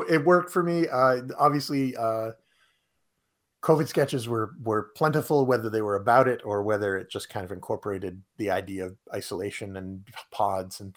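A man co-hosting a casual podcast, recapping a comedy sketch with many pauses and fillers. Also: fairly low pitch. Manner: hesitant, lots of fillers. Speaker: podcast co-host. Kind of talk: casual chat.

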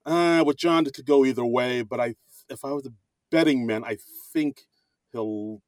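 A man co-hosting a casual movie review podcast, who talks haltingly with frequent restarts. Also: medium pitch, no room sound. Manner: halting, stammering, restarts often. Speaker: podcast co-host.

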